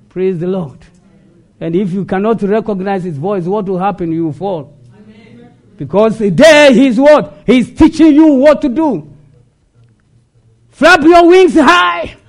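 A man preaching a sermon, asking rhetorical questions and answering them, sometimes shouting. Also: high voice.

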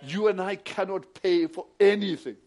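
A male preacher, moving between hushed retelling of a story and loud, emphatic preaching. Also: high voice, moderate pace. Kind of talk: sermon with storytelling.

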